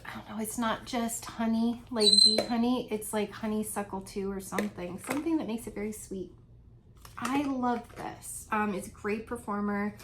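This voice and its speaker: A woman's voice: mid-range voice, normal speed, heavy background noise. A woman vlogging from home in a casual, chatty, rambling way, laughing often as she talks. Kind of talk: casual chat.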